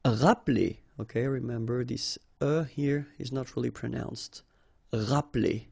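A man's voice: medium pitch, steady tone, moderate pace, vocal fry, a little mellow, breathy edge, no room sound. A man with a French accent teaching French vocabulary, patiently spelling out sounds and repeating each word.

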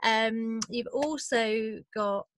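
A woman guest comedian in a casual, wry chat, unhurried and quick to laugh. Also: a little high, slight background noise.

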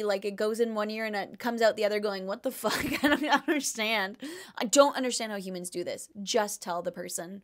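A young woman hosting a podcast, reading out listener questions and giving casual, jokey advice full of fillers and asides. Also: fairly high pitch.

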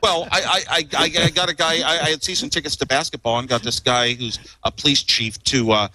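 A man's voice: fairly high pitch, fairly even intonation, fairly quick, sharp tone, rough recording. Rambling, chuckling man telling stories. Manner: rambling, chuckling, repeats words. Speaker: guest. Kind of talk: casual storytelling.

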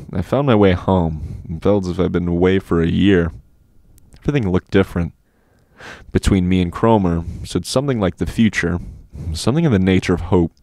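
A man narrating an audiobook in a steady, even reading voice. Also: low-pitched, a little fast, dry recording, studio quality. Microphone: dynamic studio mic.

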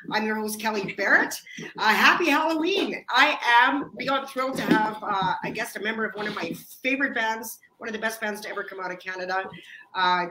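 A woman's voice: on the high side, pushed and bright, a little hiss or hum. A woman hosting a live-streamed talk show, greeting and interviewing a guest in an enthusiastic, effusive way. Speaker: host. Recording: echoey room.

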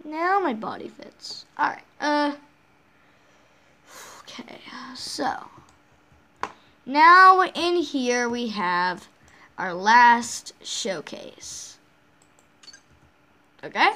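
A woman's voice: on the high side, very slow, long pauses, pushed and bright. A woman hosting a casual game walkthrough, rambling along with frequent restarts and self-corrections. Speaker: game channel host.

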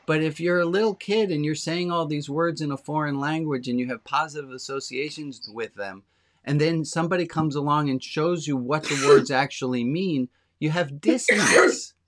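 A man, a rabbi, giving an informal sermon to his congregation, talking candidly and slowing down to stress the lines that matter. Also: fairly high pitch.

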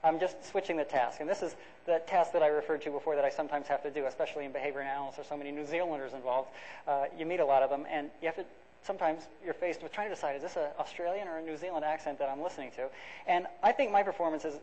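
A man races through a conversational academic lecture in a lecture hall, his fairly high voice carrying a darkish tone. He explains things step by step, restarting often and using lots of fillers, on a dull, lo-fi recording.

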